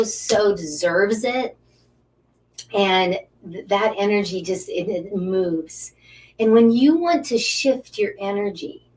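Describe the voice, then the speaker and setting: A middle-aged woman hosting an angel card reading live stream, talking in a gushing, halting way with repeated words, sometimes dropping to a breathy whisper while guiding breathing. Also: medium pitch. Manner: soft, breathy at times, drops to whispers during breathing guidance. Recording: slightly distant mic with faint background hiss.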